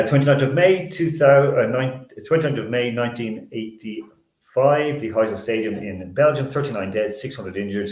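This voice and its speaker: A man's voice: lowish voice, a little mellow, roomy sound. A man hosting a sports talk show, telling stories in a rambling, self-correcting way.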